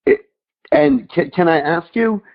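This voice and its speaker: A man's voice: fairly high pitch, animated, measured pace, lo-fi sound. A man hosting a podcast interview, encouraging and asking long, rambling questions. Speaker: podcast host. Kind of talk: interview conversation.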